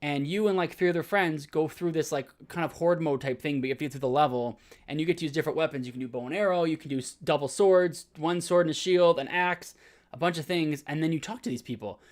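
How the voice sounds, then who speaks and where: Eager podcast co-host, slightly high voice, rushing excitedly through gaming stories. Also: male voice. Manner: excited, rambling, fast bursts. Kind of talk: casual chat.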